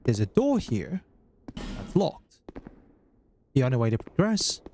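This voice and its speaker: A man's voice: mid-range voice, wildly swooping pitch, measured pace, darkish tone, soft background music. A man giving chatty, wry let's-play commentary on a game as he plays. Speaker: gaming YouTuber.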